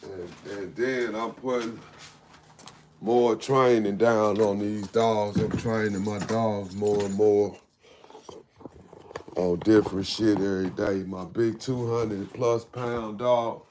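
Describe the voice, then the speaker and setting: A man's voice: lowish voice, steady tone, a little mellow, slight background noise. A man who breeds dogs, talking casually and unhurriedly on a livestream while he is outdoors with his dogs. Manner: laid-back, unhurried street talk. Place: outdoors at his dog kennels.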